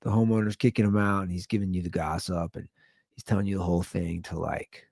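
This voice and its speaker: A man's voice: low-pitched, fairly even intonation, fast, vocal fry, darkish tone, dry recording, clean studio sound. A man hosting a podcast, telling a comic story in a rambling, loose, casually profane way. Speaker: podcast host. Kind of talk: casual comedic storytelling rant.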